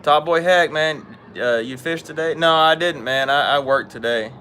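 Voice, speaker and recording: A man's voice: on the high side, moderate pace, bright, forceful tone, a little hiss or hum. A man hosting a casual fishing live stream outdoors, chatting and greeting viewers by name. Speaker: fishing livestream host. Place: outdoors at home.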